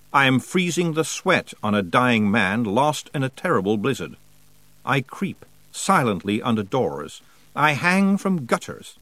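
A man voicing a male winter spirit who speaks slowly and very calmly, with solemn grandeur. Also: mid-range voice, no echo. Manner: calm, slow, solemn.

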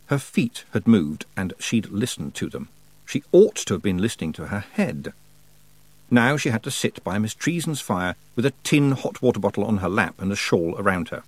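A man reading an audiobook in measured scripted narration. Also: on the low side, sing-song, no echo. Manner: measured storytelling.

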